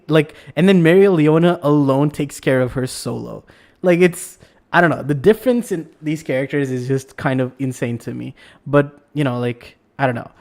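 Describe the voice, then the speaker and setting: A man with a slightly higher voice rambles through a casual anime discussion. He gets excitable and restarts his sentences often. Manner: rambling, excitable, lots of fillers. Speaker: podcast host.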